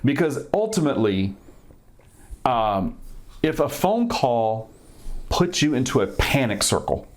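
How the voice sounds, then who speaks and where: A man chats easily as a podcast guest, drawing on his years as a police officer. He tells his stories at a middling pitch and jumps much higher when he plays the people in them. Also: measured pace, pauses often. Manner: animated storyteller, acts out quoted people in a raised voice. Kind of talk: casual chat.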